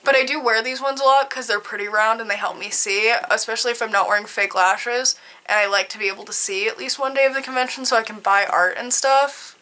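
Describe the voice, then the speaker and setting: A young adult woman cosplayer reading posts aloud and reacting in an animated, blunt way, swearing casually. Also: on the high side, fast talker.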